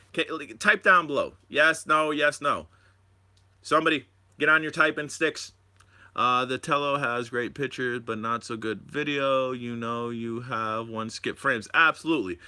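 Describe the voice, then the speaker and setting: Animated man rambling on a live stream. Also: a little high. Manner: excited, rambling, talks to viewers. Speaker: drone channel host. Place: home.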